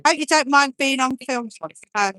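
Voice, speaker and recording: High, bright, giggly older woman. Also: normal speed, dry recording, studio quality. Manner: giggly, hesitant, fumbling. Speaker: the streamer's wife. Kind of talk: casual chat to camera. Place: outdoors at a crowded street march. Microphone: handheld phone.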